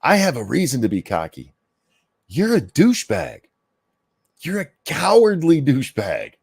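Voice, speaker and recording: A man's voice: on the high side, big pitch swings, measured pace, vocal fry, darkish tone, breathy edge, dry recording, clean studio sound. A man hosting a ranting reaction commentary, profane, sarcastic and berating. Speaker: commentary host.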